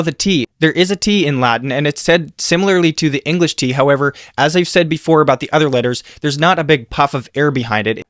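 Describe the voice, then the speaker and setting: Man slowly teaching Latin pronunciation. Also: fairly high pitch, fairly bright tone, dry recording, studio quality. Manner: slow, careful demonstration of sounds. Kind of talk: scripted pronunciation lesson.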